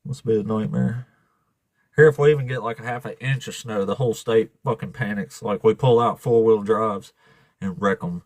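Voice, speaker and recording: A man's voice: lowish voice, normal speed, a little mellow, no echo. A man with an Alabama accent hosting a live stream, talking casually and bluntly, swearing freely and laughing often. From Southern US.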